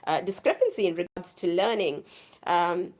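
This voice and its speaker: Her voice worn down by the flu, a woman chats casually with viewers on her live stream. She speaks at a normal speed with a low, darkish tone, rambling on effusively and looping back to repeat things.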